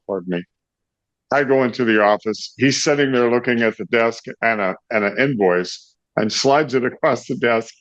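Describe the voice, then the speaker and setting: In a dry, slightly dull lo-fi recording, a middle-aged man with a mid-range, fairly bright voice tells an anecdote. He's a rock singer appearing as an interview guest, and he relates the story animatedly, often laughing and acting out the people in it.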